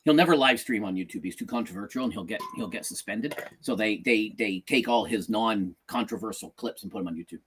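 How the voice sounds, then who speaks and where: A man's voice: lowish voice, brisk, hardly any pauses, a bit bright, husky. A middle-aged man co-hosting a podcast in casual chat, joking and repeating himself. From outside the United States. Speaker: podcast co-host.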